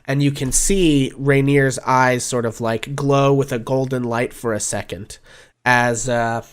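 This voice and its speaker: A man narrating a tabletop game as game master, relaxed and halting with many fillers. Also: medium pitch, smooth.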